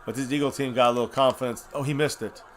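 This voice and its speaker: A tipsy man runs a live watch-party stream and reacts to the game as it happens. He curses freely, mutters under his breath, then bursts out loud. His voice sits at an ordinary middle pitch for a man. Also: fast talker. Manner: profane, excitable, swings from mutters to shouts. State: has been drinking.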